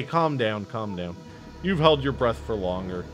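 A man commentating his own horror game playthrough, excitable and jokey, swearing freely and talking to himself. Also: fairly low pitch, a little slow. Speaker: gaming streamer. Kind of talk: let's-play commentary. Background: game music and sounds.

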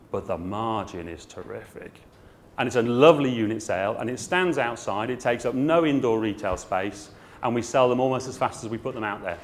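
Frank, jokey man giving a talk. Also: medium pitch. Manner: frank, chatty and jokey, with dry asides. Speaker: garden centre owner speaking at a trade show. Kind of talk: trade show talk to an audience.

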